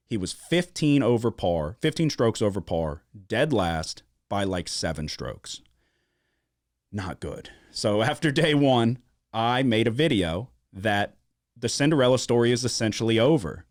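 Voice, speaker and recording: A man from Louisiana hosting a sports-betting podcast, telling a story in casual chat with a lot of swearing and animated emphasis. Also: on the low side, no echo, studio quality. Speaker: podcast host. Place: studio.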